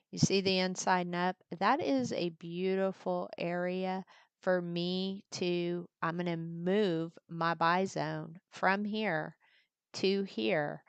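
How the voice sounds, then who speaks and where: A woman walks through trade setups on a live stream in an unhurried, gravelly voice. Her low tone comes across smooth and crisp, recorded close and dry with no room sound. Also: dry recording. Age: older. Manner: chatty, breaks off to talk with her granddaughter. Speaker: trading educator hosting a live stream. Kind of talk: casual live market walkthrough. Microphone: desktop mic at a computer, screen sharing.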